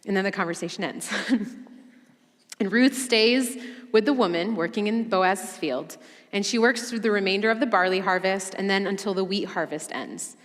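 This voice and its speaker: A woman's voice: medium pitch, normal speed, long reverb tail. A woman leading a women's Bible study in a conversational, humorous way with chatty asides. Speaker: women's ministry director teaching a Bible study.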